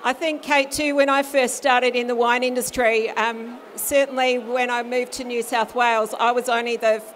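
A woman's voice: a little high, level tone, moderate pace, a bit bright, slight background noise. A woman moderating a panel discussion in a friendly, conversational way.

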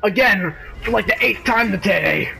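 Excitable gamer guy, bright high voice, bit of gravel. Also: normal speed, a little hiss or hum, rough recording. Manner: excitable, yelps in panic. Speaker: gamer co-commentating. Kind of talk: casual gameplay chat.

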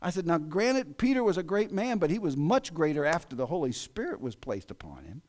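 Male pastor, American, slightly high voice, lively dynamic sermon delivery. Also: fairly quick. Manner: animated preaching, voice swinging from loud exclamations to hushed asides. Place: church sanctuary.

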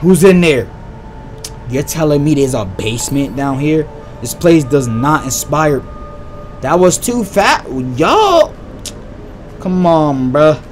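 A young man giving excitable, slang-heavy let's-play commentary on a horror game and reacting loudly to scares. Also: fairly high pitch, slow, pauses often, faint music behind. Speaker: gaming YouTuber.

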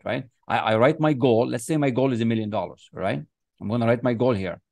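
A man's voice: mid-range voice, a little fast, vocal fry, darkish tone, dry recording, studio quality. Emphatic man coaching with affirmations. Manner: emphatic and repetitive, chanting affirmations. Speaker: success coach. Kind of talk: motivational teaching. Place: online class, writing on screen with a mouse.

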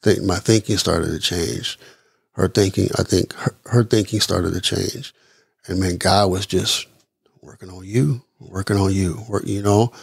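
A middle-aged man from the Midwest of the United States, telling his personal story as a podcast guest in an earnest, halting way, repeating words as he goes. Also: sits low, fairly even intonation, creaky, breathy edge, no echo, studio quality. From East Chicago, Indiana. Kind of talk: personal testimony interview.

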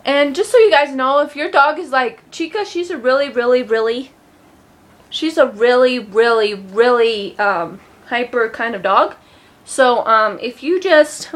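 A woman's voice: a little high, a little slow. A young woman chatting casually in a home vlog, rambling with lots of ums and a loose, sweary way of talking. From Colorado, USA. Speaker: vlogger.

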